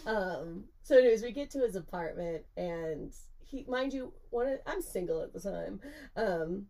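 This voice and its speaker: A woman's voice: mid-range voice, lively intonation, moderate pace, creaky, mellow. A young woman co-hosting a podcast, telling a story in casual chat, laughing often and swearing freely.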